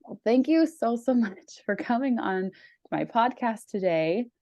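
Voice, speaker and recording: Upbeat woman podcast host, gravelly voice. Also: on the high side, animated, measured pace, dark tone, no room sound. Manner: upbeat, gushing, filler-heavy with many "like"s. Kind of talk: casual interview chat.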